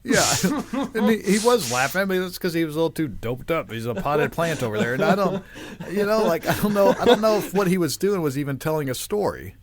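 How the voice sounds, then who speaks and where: Animated rambling male podcast host. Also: on the high side, brisk, a crowd in the background. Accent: Midwestern American. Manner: rambling, swearing, animated storytelling. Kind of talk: casual chat.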